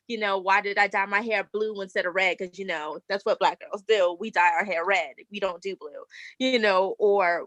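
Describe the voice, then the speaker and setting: A woman speaking on a panel discussion, expressive and playful, calling listeners honey. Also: mid-range voice, no room sound.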